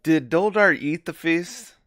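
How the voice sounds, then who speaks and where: A man's voice: a little high, unhurried, a bit bright. A man playing a tabletop game, making wry, sarcastic remarks. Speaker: player.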